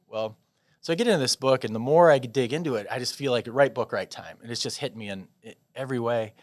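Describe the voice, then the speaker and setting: A man from Des Moines, Iowa, a podcast guest telling a long personal story in a rambling, animated way with frequent restarts. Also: medium pitch, fast, dry recording, studio quality. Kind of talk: casual storytelling interview.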